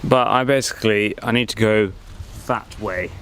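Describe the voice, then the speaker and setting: A man's voice: fairly low pitch, normal speed, a bit bright, slight background noise. A man vlogging outdoors in a forest, chatting and joking as he thinks aloud into a handheld camera. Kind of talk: casual vlog commentary.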